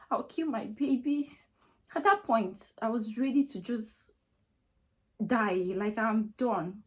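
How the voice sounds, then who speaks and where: A young Nigerian woman with a Nigerian accent, emotionally retelling a personal story to camera in a repetitive, filler-heavy way. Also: on the high side. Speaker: vlogger.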